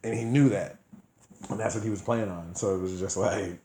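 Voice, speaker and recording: Man, low voice, casual podcast storytelling, does voices, laughs a lot, echoey room. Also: moderate pace, a little hiss or hum. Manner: animated storyteller, acts out quotes in voices, laughs often. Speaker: podcast co-host.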